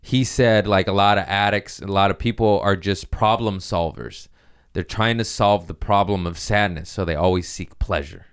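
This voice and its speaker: Deep-voiced man rambling crudely. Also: moderate pace, clear, resonant tone. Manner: rambling, crude, self-mocking and laughing often. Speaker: podcast host. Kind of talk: casual solo chat.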